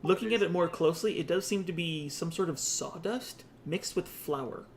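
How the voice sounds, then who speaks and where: Guy running a tabletop rpg, kinda high voice, describes stuff and goes on little tangents. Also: moderate pace, a little hiss or hum. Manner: descriptive, with asides and restarts. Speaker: game master. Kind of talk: narrating a tabletop game.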